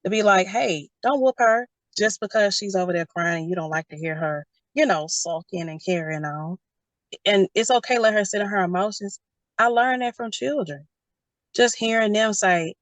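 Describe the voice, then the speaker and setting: Brief: young adult woman, lively storyteller, dry close sound. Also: mid-range voice, moderate pace, no echo. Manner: animated storytelling, quotes others in character. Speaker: guest. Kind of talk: casual conversation.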